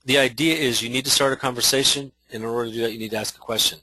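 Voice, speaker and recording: Guy teaching realtors social media stuff, bright voice, dry close sound, lots of restarts and "right?". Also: medium pitch, fairly even intonation, rapid-fire, few pauses, no echo, low-quality recording. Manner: conversational, with many restarts and rhetorical questions. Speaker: real estate trainer. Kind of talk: instructional talk.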